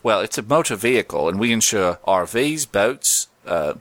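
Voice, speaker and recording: A man voicing a male insurance gecko mascot as a joking, salesy pitchman, on a bright, dry podcast mic. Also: expressive, moderate pace, dry recording.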